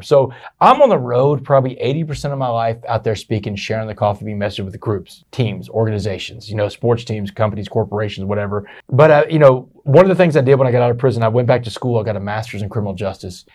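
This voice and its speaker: A middle-aged man, a motivational speaker telling his story in an interview, animated and fast, often saying "man". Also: mid-range voice. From Texas, USA.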